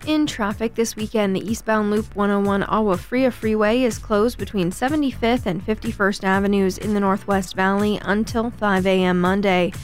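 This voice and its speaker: A woman announcing station news, traffic and weather in an even, informative read. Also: mid-range voice, normal speed, hardly any pauses, soft background music.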